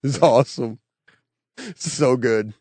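A man's voice: mid-range voice, slow, a little mellow, slightly rough, no echo. A man hosting a podcast in casual chat, rambling and laughing, with frequent restarts. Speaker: podcast host.

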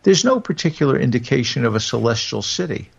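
A man's voice: medium pitch, sing-song, fast talker, gravelly, breathy edge, heavily acted. A man reading the lines of a small skeptical man making wry asides. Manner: wry, sceptical. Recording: dull lo-fi recording.

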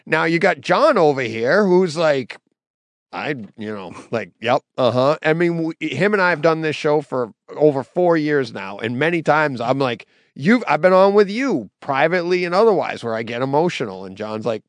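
Animated middle-aged New man. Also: a little high, normal speed, no room sound. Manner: animated storyteller, laughs easily. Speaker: podcast co-host. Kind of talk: casual chat.

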